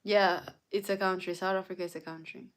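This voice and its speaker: A woman's voice: fairly low pitch, flat delivery, fairly quick. A young woman hosting a livestream, chatting casually and teasing her viewers with playful, dramatic asides. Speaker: livestream host.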